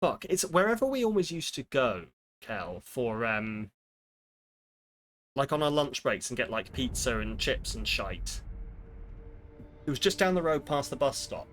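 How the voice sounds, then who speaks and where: A man's voice: mid-range voice, big pitch swings, a little slow, long pauses, a bit bright. A young man streaming a game and ranting sarcastically in casual chat. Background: game music.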